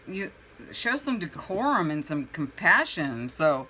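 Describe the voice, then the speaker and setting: A woman's voice: low-pitched, big pitch swings, unhurried, sharp tone, a little hiss or hum, rough recording. A woman chatting casually while painting at home, a rambling storyteller who acts out her own reactions. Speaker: crafting vlogger.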